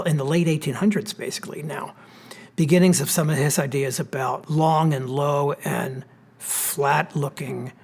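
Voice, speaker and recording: A man with a Pennsylvania accent, an architect giving a relaxed, explanatory slide lecture with plenty of fillers. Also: a little high, husky. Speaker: architect giving a history talk. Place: church hall.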